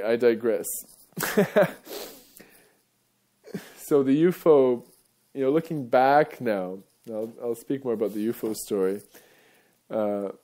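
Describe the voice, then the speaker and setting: A man's voice: lowish voice, mellow. A male radio host talking in a casual, rambling monologue, wandering off topic and chuckling often.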